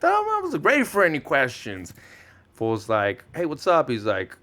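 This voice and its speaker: A man's voice: on the high side, normal speed. A man in his thirties whose first language is Spanish, telling stories animatedly in casual podcast chat, slangy and swearing, acting out what people said. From Mexican-American, Southern California. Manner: animated storyteller, slangy, swears, acts out quotes. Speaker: podcast guest.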